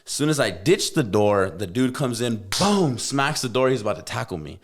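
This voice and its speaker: A young man hosting a podcast, telling a story in casual chat, animated and swearing freely, acting out the voices he quotes. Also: mid-range voice, moderate pace, slight background noise. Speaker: podcast host.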